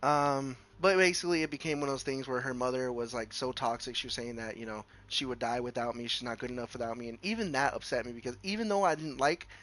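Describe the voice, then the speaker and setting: A man's voice: medium pitch, fast, few pauses, fairly bright tone. A young man streaming, rambling through a personal story with lots of fillers and restarts. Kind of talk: casual storytelling.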